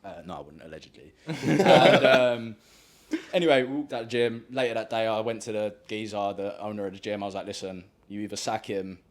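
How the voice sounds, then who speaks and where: Fast-talking sweary young man. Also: on the low side. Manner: swears a lot, animated storytelling, slangy. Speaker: podcast host. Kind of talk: casual storytelling.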